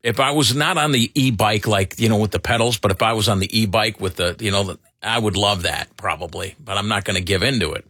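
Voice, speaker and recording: A man's voice: on the low side, quick pace, few pauses, bright, forceful tone, no echo, studio quality. A middle-aged man hosting a talk show in casual, rambling banter full of fillers. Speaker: radio show host.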